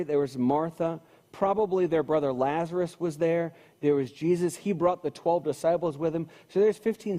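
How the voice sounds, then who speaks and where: Long hall reverb fills this recording of a sermon in a church sanctuary. The pastor's voice is mellow and a little high, and he talks conversationally while repeating phrases for emphasis.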